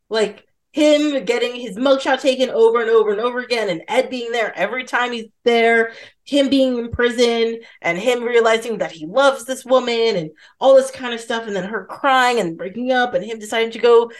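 A woman hosting a casual film podcast, talking in an animated way and acting out scenes in quoted voices. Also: fairly high pitch, moderate pace. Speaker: podcast host.

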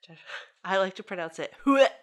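Woman, podcast co-host, casual chat, crisp bright tone, giggly, halting. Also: mid-range voice, lively intonation. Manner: hesitant, many fillers, giggly. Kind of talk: casual chat about movies.

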